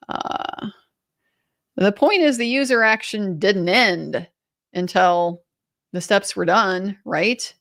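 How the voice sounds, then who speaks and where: A woman's voice: mid-range voice, slow pace, pauses often, a bit bright, no echo, clean studio sound. Sardonic woman giving legal commentary. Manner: sardonic, pointed, mimics witnesses. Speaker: attorney commentator.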